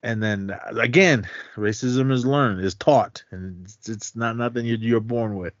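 A man's voice: medium pitch, a little slow, no echo. A man co-hosting a podcast, animatedly retelling a film scene in casual chat and acting out the scenes. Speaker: podcast co-host. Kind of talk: casual movie recap chat. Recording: dull lo-fi sound.

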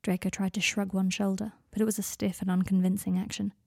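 Gravelly, mellow woman narrating a story. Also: mid-range voice, flat delivery, brisk, no room sound, studio quality. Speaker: fan fiction reader.

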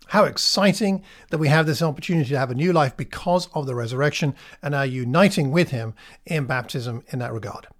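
A man preaching a sermon in a reflective, conversational way, with slow, emphatic pauses. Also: fairly high pitch.

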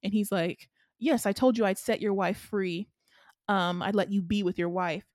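A woman's voice: mid-range voice, moderate pace, no echo. Chatty woman recapping a film, dry sound. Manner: animated, rambling, lots of fillers. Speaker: podcast co-host. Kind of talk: casual chat recapping a film.

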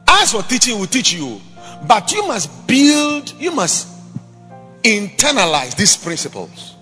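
A man preaches in a lively, emphatic style, his voice bright and fairly high for a man. His delivery swings between loud exhortation and quiet asides. The sound carries a long church-hall reverb with faint music underneath. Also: measured pace. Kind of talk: sermon.

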